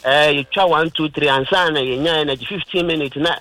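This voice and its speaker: A man's voice: on the high side, a little fast, sharp tone, no room sound, rough recording. A Ghanaian man hosting a radio health talk, explaining in plain terms and mixing in English words.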